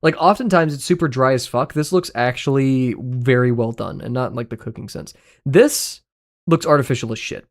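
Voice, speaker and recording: Man, streamer, casual livestream chatter, profane, jokey, rambling, middle pitch. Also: normal speed.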